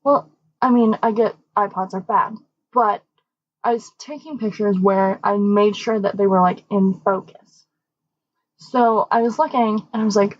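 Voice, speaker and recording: A young woman co-hosting a podcast, telling a story casually and acting out the quoted voices with big jumps in pitch. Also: moderate pace, no room sound. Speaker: podcast co-host. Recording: dull, dry lo-fi mic.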